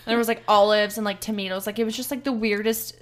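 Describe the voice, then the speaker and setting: A woman's voice: mid-range voice, little pitch movement, very fast. A Canadian woman co-hosting a podcast, adding blunt, profane asides to a shared story. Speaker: podcast co-host. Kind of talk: casual chat.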